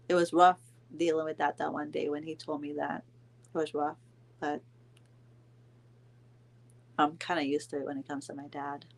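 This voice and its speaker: A woman in her thirties casually telling a vacation story to her viewers, chatting along with their comments and filling pauses with "um". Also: mid-range voice. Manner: chatty, answers viewer comments, frequent ums and laughs. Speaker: vlog host telling a story to live viewers.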